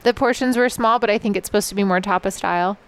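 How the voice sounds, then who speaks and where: A woman's voice: mid-range voice, fast talker, clean tone. A woman chatting casually as a co-host, giving short, friendly replies. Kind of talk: casual chat.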